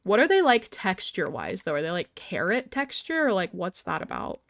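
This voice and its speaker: A woman's voice: medium pitch, big pitch swings, moderate pace, no room sound. Chatty young woman streaming a game. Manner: chatty, reads and answers viewer chat aloud. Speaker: live-stream host. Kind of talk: casual live-stream chat while gaming.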